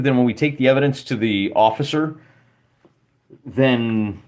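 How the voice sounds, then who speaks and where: A man hosting a solo journaling game, thinking aloud and chatting with his live chat. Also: medium pitch. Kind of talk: casual let's-play narration.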